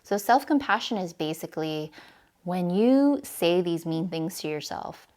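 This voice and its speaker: Lady life coach vlogging to camera, kinda low voice, earnest and encouraging, chatty. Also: animated, a little slow, darkish tone. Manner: earnest, encouraging, talks straight to the viewer; chatty with fillers like "right?". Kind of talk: casual advice vlog to camera.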